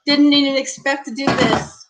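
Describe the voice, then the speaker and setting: A middle-aged woman vlogging an excited unboxing in her home kitchen, gushing and exclaiming often. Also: high-pitched, moderate pace, heavy background noise.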